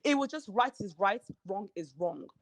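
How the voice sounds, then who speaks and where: A woman, a reality show cast member telling her story in an animated way and acting out the quoted lines of the people in it. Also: medium pitch, moderate pace, no room sound. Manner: animated, acts out quoted dialogue. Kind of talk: candid podcast interview storytelling.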